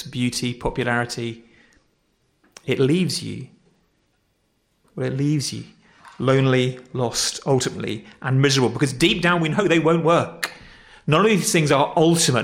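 Male pastor, mid pitch, relaxed conversational sermon delivery with repeats. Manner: conversational, self-deprecating preaching with repetitions.

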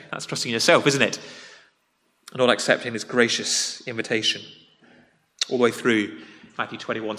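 A pastor preaches in a relaxed, conversational way, pressing some phrases loudly and letting others fall soft and earnest. His voice is bright and forward, and it rings with the long reverb of a church hall. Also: medium pitch. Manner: conversational, plain-spoken, swings between loud emphasis and quiet earnest drops. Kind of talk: sermon. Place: church sanctuary.

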